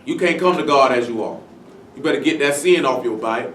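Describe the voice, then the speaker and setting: A man preaching a Bible-study sermon in a casual, blunt way, full of slang and rhetorical questions, and slowing down to stress the scripture he reads. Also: mid-range voice, a bit bright, slight background noise. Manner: slow, stressed reading of scripture. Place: congregation meeting room. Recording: echoey room from a distant mic.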